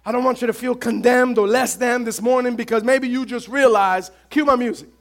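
Male pastor, sermon, impassioned, calls out to the church, very high voice. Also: steady tone, fairly quick, a bit bright.

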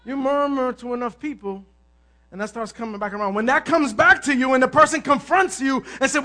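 High, bright-voiced preaching pastor. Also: male voice, brisk. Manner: animated preaching, shifting from hushed asides to shouted emphasis; acts out complaining voices of others. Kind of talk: sermon.

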